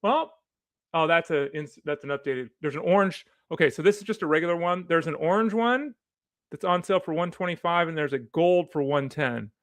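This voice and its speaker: A man's voice: fairly high pitch, a little fast, fairly bright tone, no echo. A man hosting a sports show, chatting casually while opening card packs, rambling and easily sidetracked. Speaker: sports podcast host.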